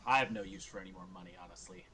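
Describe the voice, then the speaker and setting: A man voicing a worldly, generous pirate king who speaks low and quiet in measured advice. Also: a little hiss or hum. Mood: wry.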